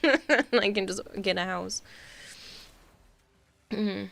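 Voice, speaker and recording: A woman's voice: mid-range voice, slow pace, gravelly, a bit bright. A young adult woman streaming from home on a studio mic, chatting casually and playfully, laughing often and teasing her chat. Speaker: game streamer. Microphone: studio mic with pop filter.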